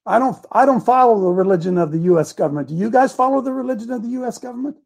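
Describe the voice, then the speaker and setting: A man giving a fiery political speech to a crowd, shouting rhetorical questions. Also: very high-pitched, lively intonation, racing, vocal fry. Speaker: speaker addressing a crowd.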